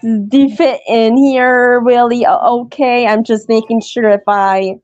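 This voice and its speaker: A woman calling in to a livestream panel, speaking in a hesitant, halting way with many restarts, over dull lo-fi call audio. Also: a little high, fairly even intonation, a little mellow, dry recording. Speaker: caller joining a livestream panel. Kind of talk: casual chat.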